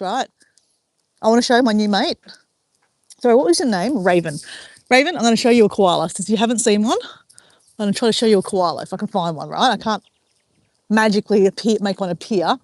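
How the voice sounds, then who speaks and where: A woman's voice: mid-range voice, a little fast, pauses often, no room sound, clean studio sound. Chatty Australian woman walking outdoors. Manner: chatty and rambling, talks while walking outdoors. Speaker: vlogger. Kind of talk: casual walking vlog, chatting with viewers. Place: outdoor walking track by a river.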